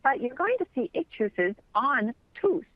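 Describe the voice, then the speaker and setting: A woman teaching chant in an instructional webinar, explaining patiently and clearly. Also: sits high, very animated, a little slow, dry recording, highs cut off. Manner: clear, patient explaining, sings brief examples.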